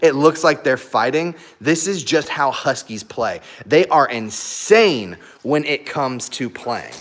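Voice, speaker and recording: A man's voice: medium pitch, expressive, slow pace. A man hosting a live stream, chatting casually with viewers and laughing often while he plays with and talks to his dogs. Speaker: YouTube live stream host.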